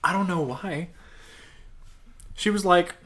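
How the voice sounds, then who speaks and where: A young man in his twenties co-hosting a casual podcast, telling animated stories and swearing casually. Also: high-pitched, slow. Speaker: podcast co-host. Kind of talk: casual chat.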